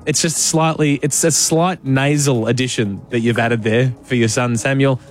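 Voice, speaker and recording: A man's voice: medium pitch, fairly even intonation, normal speed, soft background music. An Australian man hosting a radio show, playfully teasing a caller in casual chat. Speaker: radio host.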